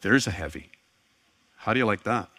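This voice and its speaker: Bright-voiced man preaching. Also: lowish voice, expressive, normal speed, husky, dry recording. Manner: earnest storytelling with wry asides and laughs. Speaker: pastor. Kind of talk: sermon.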